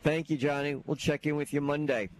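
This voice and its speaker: A man's voice: fairly high pitch, steady tone, brisk. A man hosting a radio show, chatting casually and drawing out a story with teasing questions. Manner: easygoing, asks questions and teases. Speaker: radio host.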